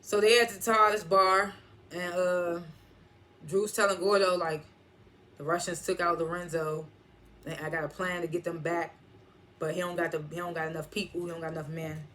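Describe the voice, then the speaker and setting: A TV reviewer giving a loose, animated recap of an episode, quoting characters along the way. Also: mid-range voice, normal speed. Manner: animated, loose retelling that quotes characters and laughs often.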